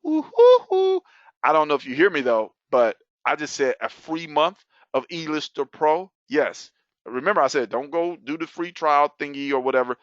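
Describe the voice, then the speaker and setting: A man hosting a webinar and giving an excited sales pitch, whooping and laughing between offers. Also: moderate pace, dry recording. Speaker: webinar host. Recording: dull lo-fi dry sound.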